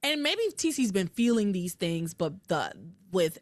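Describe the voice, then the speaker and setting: A woman hosting a podcast, casually recapping a soap opera and acting out its dialogue in lively voices. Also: medium pitch, unhurried, dry recording, studio quality. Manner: animated storytelling, acts out dialogue with voices.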